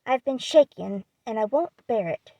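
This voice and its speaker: A woman's voice: medium pitch, lively intonation, normal speed, dark tone, no room sound, lo-fi sound. A woman reading an audiobook, voicing a proud, hot-tempered young man who is sulking and indignant. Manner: indignant, defiant.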